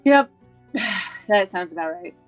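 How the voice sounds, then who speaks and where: A woman playing a tabletop game, talking in a rambling, self-deprecating, animated way. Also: fairly low pitch, unhurried, no room sound, faint music behind. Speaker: player. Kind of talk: tabletop game role-play.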